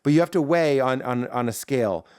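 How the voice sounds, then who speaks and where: A man's voice: mid-range voice, brisk, smooth, no room sound, studio quality. A man, a comedian guest on a podcast, talking at length in casual chat and acting out his bits in voices. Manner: animated, acts out bits in character voices.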